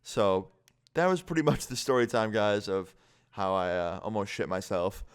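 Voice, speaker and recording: Speaking straight to camera in a casual vlog, a young man tells a scary story. His voice is a little low, smooth and clear, and he keeps a moderate pace. He swears heavily and peppers his sentences with "like."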